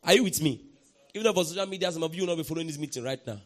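A man preaching a sermon as pastor, emphatic, often asking the congregation to respond and bursting into shouts. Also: a little high, racing.

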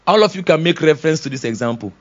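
Animated man preaching a sermon. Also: on the high side, racing. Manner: animated preaching, acts out voices, laughs often. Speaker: pastor. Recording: dull lo-fi sound.

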